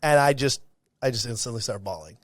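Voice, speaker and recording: A young man being interviewed, telling a story in a lively, casual way and acting out the voices of the people in it. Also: medium pitch, fairly quick, no room sound, studio quality. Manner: animated, acts out quoted dialogue. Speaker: guest, content creator.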